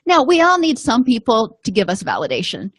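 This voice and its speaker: A middle-aged woman calmly explaining anger management tips in a casual talk, with frequent pauses and fillers. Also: a little high, slightly rough, no echo, studio quality. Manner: calm, explanatory, with frequent ums and you-knows. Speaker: vlogger giving advice.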